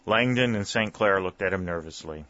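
A man reading a historical novel aloud in a steady, measured narration. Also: low-pitched, no room sound, muffled recording. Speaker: audiobook narrator. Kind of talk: scripted narration.

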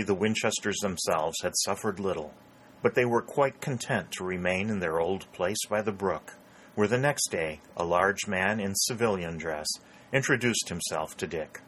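A man narrating a novel in a steady, measured reading. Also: low-pitched, a little hiss or hum. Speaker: audiobook narrator. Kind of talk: scripted narration.

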